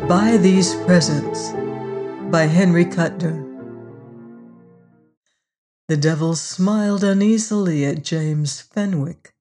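Slow unhurried narrator reading an old spooky tale, careful and deliberate, mid-pitched voice. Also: steady tone, darkish tone. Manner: measured, deliberate storytelling delivery. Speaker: podcast host and narrator. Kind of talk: scripted audiobook narration of vintage supernatural fiction.

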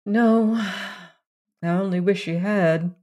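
Narrator as worn-out young wife, blunt, slow, flat. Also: medium pitch. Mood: weary, blunt. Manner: flat, mechanical delivery. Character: weary, blunt young woman leaving her marriage.

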